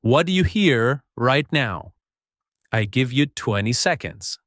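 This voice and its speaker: A man teaching an English lesson, speaking slowly and clearly, encouraging learners and repeating phrases. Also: medium pitch, expressive, a bit bright, no room sound, clean studio sound.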